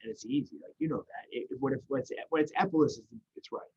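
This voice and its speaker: Man, fast earnest talker, husky voice, dull lo-fi sound. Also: mid-range voice, a little mellow. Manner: earnest, rambling with restarts. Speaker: guest in recovery. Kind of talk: casual conversation.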